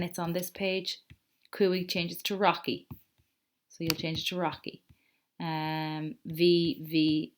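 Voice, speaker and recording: A woman's voice: lowish voice, slight background noise. A woman teacher with an Irish accent, patiently explaining step by step in a recorded lesson and correcting herself as she goes. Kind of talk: recorded screen-share lesson.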